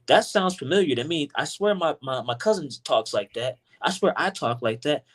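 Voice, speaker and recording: A man's voice: fairly high pitch, expressive, moderate pace. A man talking in a fervent, preacherly way as a podcast guest, often restarting his words, recorded in a car. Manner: intense, preacherly, stammers on restarts. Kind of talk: fervent preaching-style discussion.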